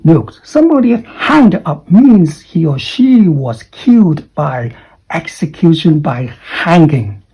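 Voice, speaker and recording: A man's voice: a little high, lively intonation, takes it slowly, mellow, breathy edge, dull audio. A man teaching an online English lesson who corrects common errors, spells words out letter by letter and keeps checking in with "okay?".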